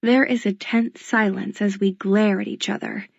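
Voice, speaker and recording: A woman narrates a first-person novel in a subdued, measured way. Her voice has a gravelly fry, and the recording is dull and dry, with no room sound. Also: mid-range voice, steady tone, no room sound. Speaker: audiobook narrator.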